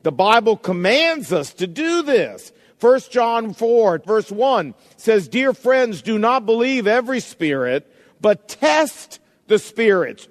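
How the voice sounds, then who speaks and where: Slow, high-voiced preaching man. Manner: deliberate, emphatic preaching with rhetorical questions. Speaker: pastor. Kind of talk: sermon. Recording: long hall reverb.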